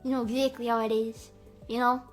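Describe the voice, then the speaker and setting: A drawling Southern good ol' boy, as a young-sounding woman puts him on in a low, folksy voice. He talks slowly and chummily, calling everyone son. The voice stays on the bright side underneath. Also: little pitch movement, soft background music, heavily acted. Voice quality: deliberately lowered voice.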